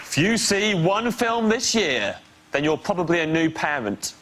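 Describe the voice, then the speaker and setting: A man doing deadpan stand-up comedy on a TV panel show, with a wry delivery. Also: a little high, unhurried, a loud crowd, very noisy. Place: TV studio with live audience. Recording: loud studio audience laughter.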